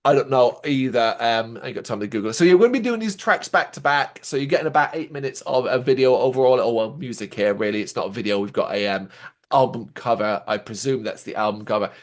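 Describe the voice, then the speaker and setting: A man's voice: medium pitch, fast talker. A man co-hosting a music reaction show, chatting casually in a loose, jokey way with the odd swear word. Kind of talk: casual chat.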